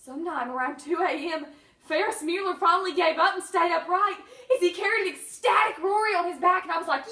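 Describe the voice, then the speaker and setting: A woman reading her own humorous memoir with wry, deadpan comic timing and sudden bursts. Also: extremely high pitch, brisk, echoey room, recorded from a distance, poor audio.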